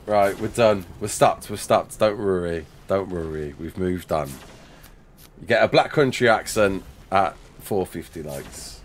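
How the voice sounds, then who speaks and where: A man's voice: low-pitched, measured pace, a little hiss or hum. A man streaming a game live, chatting and joking with viewers, laughing often, on a headset mic. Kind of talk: live gameplay chat.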